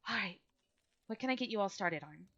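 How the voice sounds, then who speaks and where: A woman's voice: mid-range voice, expressive, a little fast, sharp tone. A woman voicing a curt woman who runs a family tavern, speaking in a businesslike way. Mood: brisk. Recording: dull lo-fi audio.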